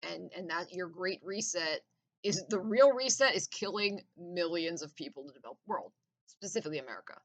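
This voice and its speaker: A woman's voice: lowish voice, expressive, brisk, low-quality recording. A woman in a casual, profane, intense rant with laughing asides.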